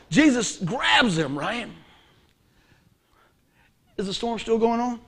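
A man with a high voice delivers a sermon. He fires questions at the congregation and pushes some lines hard. Then he drops others to a near hush. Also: very animated, takes it slowly, long pauses, slightly rough. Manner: emphatic, asks the congregation questions; swings from loud to hushed. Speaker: preacher.

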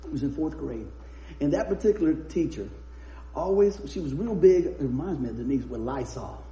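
A man's voice: on the high side, lively intonation, normal speed, warm tone, a little hiss or hum. A man preaching a sermon, chatty and laughing as he tells anecdotes. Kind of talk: sermon with humorous storytelling. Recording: roomy echo.

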